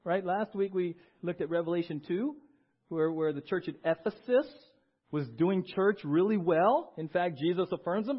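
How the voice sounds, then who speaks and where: A man preaching a sermon as pastor in a church, animated, acting out little voices and asking the congregation questions. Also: sits high, moderate pace, muffled recording. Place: church sanctuary.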